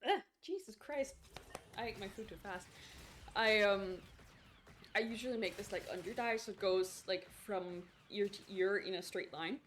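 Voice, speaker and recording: A woman's voice: mid-range voice, normal speed, fairly bright tone, a little hiss or hum. A young adult woman streamer chatting casually while she plays a game, rambling with lots of fillers and small restarts. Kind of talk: casual chat while gaming.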